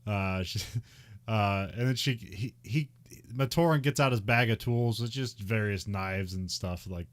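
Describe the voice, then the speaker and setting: A man's voice: fairly low pitch, measured pace. A man casually recapping a movie on a podcast, laughing often and slipping into mock voices for the characters. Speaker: podcast co-host.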